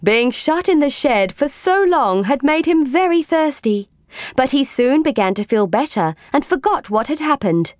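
A woman reading a children's storybook aloud in a gentle, unhurried manner. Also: high-pitched, sing-song, no room sound, studio quality. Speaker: audiobook reader.

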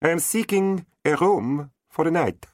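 A male narrator voicing a gentle, soft-spoken knight in an audiobook, his voice raised and lighter than his own. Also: fairly high pitch, animated, measured pace, no room sound, clean studio sound, pitched above the performer's own voice. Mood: courteous.

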